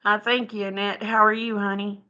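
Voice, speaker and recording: A middle-aged woman chatting with her viewers on a live stream from home, folksy and quick to laugh. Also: medium pitch, little pitch movement, pushed and bright, lo-fi sound. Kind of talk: casual chat with viewers. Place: home, indoors.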